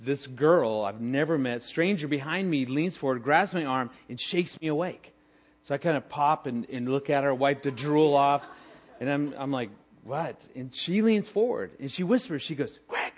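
A middle-aged man telling a humorous story to an audience in an animated, self-mocking way, acting out the dialogue. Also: mid-range voice, normal speed. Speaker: speaker telling a story with his wife.

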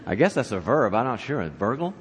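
A man's voice: mid-range voice, a little fast, breathy edge. A man speaking to an audience at a church leadership event, telling a joke conversationally and asking the crowd questions. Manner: animated storyteller, conversational, asks the audience questions. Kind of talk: conference talk to an audience. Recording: reverberant hall.

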